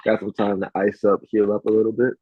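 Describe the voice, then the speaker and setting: A podcast co-host swears freely and tells animated stories on a casual sports betting show. His voice is on the low side, fast and slightly rough, with no room sound, though the recording has a tinny, phone-like quality.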